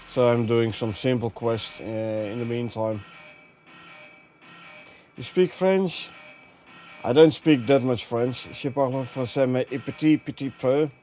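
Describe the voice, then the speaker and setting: Slow, mellow Dutch-accented man. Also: medium pitch. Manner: relaxed, chatty, chuckles often, drifts between languages. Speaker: game streamer. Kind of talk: casual gameplay commentary, reading chat.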